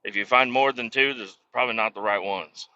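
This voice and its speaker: A man talks in a sharp, forceful voice that has a hard edge. He is a truck driver telling a loose, swearing story as he drives. The recording sounds slightly muffled and lo-fi. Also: on the low side, brisk, no room sound. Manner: profane, ranting storyteller. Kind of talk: casual rambling monologue.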